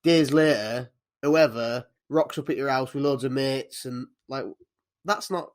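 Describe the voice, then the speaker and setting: A man's voice: medium pitch, a little slow. A man co-hosting a casual podcast, chatting in a laid-back way. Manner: laid-back, laughs along. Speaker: podcast co-host. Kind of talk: casual chat.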